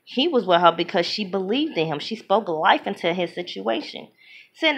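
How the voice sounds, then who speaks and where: A woman giving an opinionated movie review in casual talk, emphatic and animated, often acting out what other people say. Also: mid-range voice, moderate pace, vocal fry, slightly rough. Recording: dull lo-fi sound.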